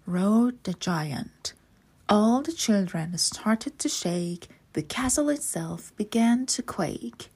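Slow husky woman reading a kids' story. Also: mid-range voice. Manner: slow, expressive read-aloud. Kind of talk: children's story read-aloud.

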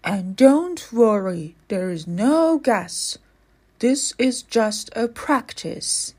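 A woman's voice: a little high, sing-song, very slow, a little mellow, husky, exaggerated voice. A woman doing a stern man barking orders. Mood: commanding. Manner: curt, commanding. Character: stern adult man in charge, gives orders.

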